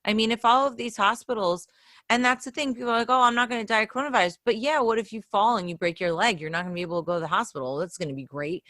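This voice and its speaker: A woman's voice: medium pitch, quick pace, fairly bright tone, no room sound, studio quality. A woman co-hosting a podcast, chatting casually with a wry, self-mocking sense of humor. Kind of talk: casual video-call chat.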